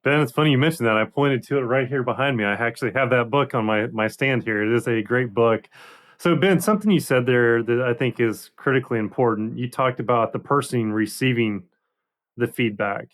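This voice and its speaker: A man's voice: mid-range voice, fairly quick. A man hosting a podcast, asking questions and sharing his own experience on a video call. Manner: friendly, reflective, shares own experience. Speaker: podcast host. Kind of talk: conversational podcast interview.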